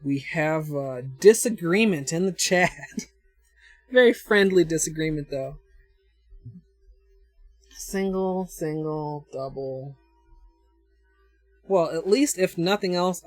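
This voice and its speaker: Slow-talking Minnesotan woman streamer. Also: low-pitched, no room sound, soft background music. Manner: thinks aloud, chatty, answers chat, chuckles often. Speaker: nail art livestreamer. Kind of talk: casual livestream chat while demonstrating.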